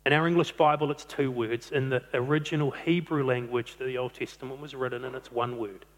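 A man's voice: mid-range voice, fairly even intonation, fairly quick. A man preaching a sermon, earnest, stretching out key phrases for emphasis. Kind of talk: sermon on a psalm. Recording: long hall reverb.

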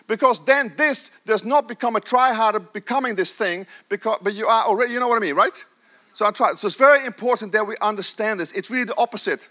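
A man's voice: high-pitched, fast talker, pushed and bright. A middle-aged man preaching a sermon with passion, stressing his points and repeating phrases for emphasis.

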